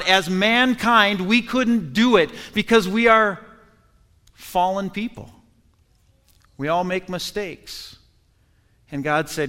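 Preacher, male, high bright voice, earnest and emphatic; church hall reverb. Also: slow. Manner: earnest, building emphasis with repeated phrases. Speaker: pastor. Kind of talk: sermon. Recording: echoey hall.

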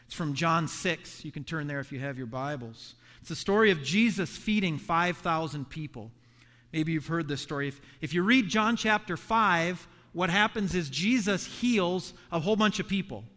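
High-voiced preaching man in an echoey hall. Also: moderate pace. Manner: animated preaching, acts out the sons' voices. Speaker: pastor. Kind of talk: sermon.

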